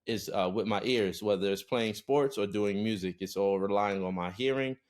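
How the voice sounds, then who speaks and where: A young man from Brooklyn, New York, talking as a podcast guest in a relaxed way, with lots of "uh" fillers. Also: fairly low pitch, normal speed. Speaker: podcast guest, recording artist. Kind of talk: casual interview chat.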